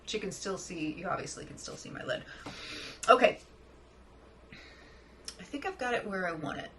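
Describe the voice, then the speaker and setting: A woman chatting excitedly through a makeup tutorial, often dropping to a soft murmur as she works. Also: mid-range voice, normal speed, slight background noise, rough recording. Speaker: makeup vlogger. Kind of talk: casual makeup tutorial chat.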